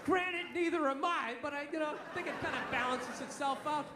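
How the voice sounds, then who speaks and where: A man doing a rambling stand-up bit, recorded live with an echo and a loud crowd. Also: very high-pitched, a little fast, heavy background noise. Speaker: stand-up comedian.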